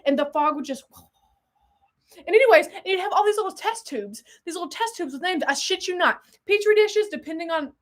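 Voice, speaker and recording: A young woman hosting a casual live unboxing stream, excitable and rambling, swearing freely and drifting off mid-story. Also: very high-pitched, brisk.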